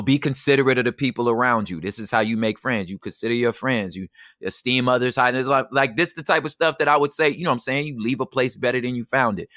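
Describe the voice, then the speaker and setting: Guy being interviewed, bright punchy voice, slangy and lively, keeps going "you know what i'm saying". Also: mid-range voice, no echo, clean studio sound. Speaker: guest; poet and emcee. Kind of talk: casual interview conversation.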